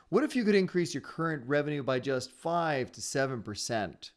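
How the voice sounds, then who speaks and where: Male webinar host, rapid and upbeat, slightly higher voice, cheers on his attendees. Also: sing-song. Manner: fast-talking; upbeat and encouraging. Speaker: webinar host and sales trainer. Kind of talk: live online training webinar. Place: his home area in Ontario.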